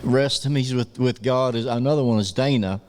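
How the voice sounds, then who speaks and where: A man's voice: mid-range voice, a little mellow. A man who is a guest and former producer, telling road stories in a casual chat with many affirming yeahs. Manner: drawn-out storytelling with frequent affirmations.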